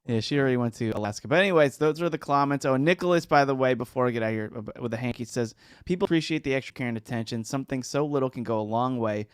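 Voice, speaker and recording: A man's voice: mid-range voice, racing, hardly any pauses, smooth, dry recording, studio quality. A man hosting a casual podcast, reading out listener comments in a rambling, easygoing way. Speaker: podcast host.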